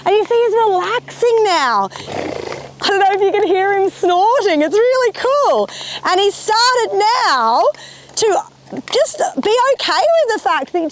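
A woman trainer talks a lesson through in the open air, with wind and rain around her. Her voice sits very high and swings up and down with lively energy. She is chatty and encouraging and coos praise to her horse as she goes. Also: a little slow. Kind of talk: outdoor training demonstration. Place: outdoors in windy, rainy weather.

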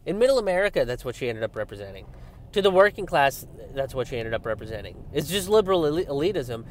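A man's voice: fast, a little hiss or hum. Sarcastic young man ranting outdoors. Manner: animated, sarcastic, swears often, mocks opponents in high voices. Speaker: political commentator. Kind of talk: casual political rant. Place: outdoors by a road with passing traffic.

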